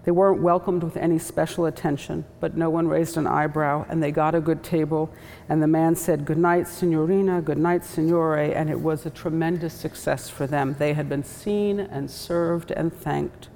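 A woman author with a measured, thoughtful delivery, reading from her novel and reflecting on it. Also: deep voice, steady tone, vocal fry, mellow. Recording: echoey hall, faint background noise.

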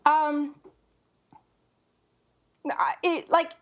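A woman's voice: high-pitched, steady tone, extremely slow. A woman co-hosting a podcast about writing, chatting casually and thinking aloud with lots of fillers and restarts. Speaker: podcast co-host, writer.

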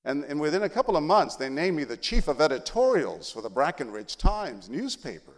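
A man's voice: a little high, very animated, a little fast. A middle-aged man from San Antonio, Texas, a journalist giving a speech and telling his life story with humor and animation. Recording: long hall reverb.

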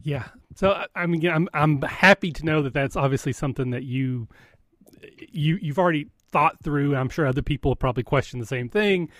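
A man's voice: a little high, brisk, fairly bright tone. A man hosting a podcast interview, chatting casually with hesitant fillers. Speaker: podcast host.

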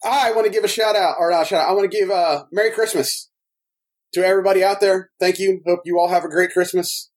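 A man co-hosting a podcast in casual chat, rambling and excitable, laughing often. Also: sits high, quick pace. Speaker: podcast co-host.

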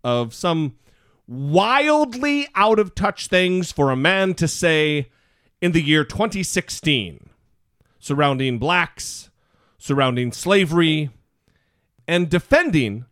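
A man's voice: fairly high pitch, sing-song, slow, long pauses, a bit bright, dry recording, clean studio sound. A man co-hosting a podcast, giving casual political commentary in a sarcastic way and swearing often. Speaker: podcast co-host.

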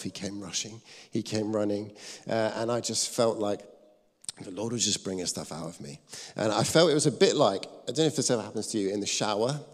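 A man preaching a sermon, telling a personal story, lively when acting out scenes and soft when quoting. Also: fairly low pitch. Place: church hall. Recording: long reverb of a church hall.

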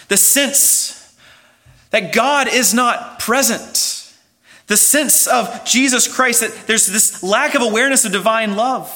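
A male pastor delivers a sermon in a high, bright voice that carries with some force. He explains earnestly, sometimes restarting a phrase and pressing on with rising emphasis.

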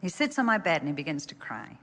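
A woman's voice: low voice, big pitch swings, quick pace, a bit bright. An older woman telling an earnest personal story in a sermon. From England. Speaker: speaker. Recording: echoey hall.

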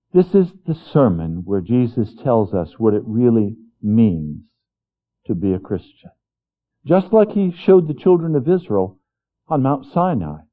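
A man preaching a sermon, slow and storytelling, dropping his voice soft when he voices God's words. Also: mid-range voice. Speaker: pastor. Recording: tinny phone-like lo-fi recording.

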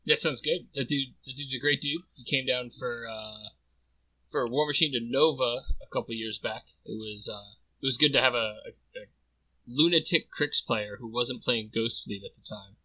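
A man's voice: mid-range voice, normal speed, dry recording, dull audio. A man co-hosting a podcast in casual chat, wry and teasing. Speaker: podcast co-host.

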